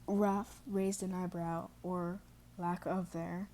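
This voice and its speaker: A woman's voice: fairly low pitch, little pitch movement, slow, warm tone, slight background noise. A woman reading a second-person fan story aloud, often stumbling and correcting herself as she goes. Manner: reads with restarts and self-corrections, stops to apologize. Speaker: fan fiction reader.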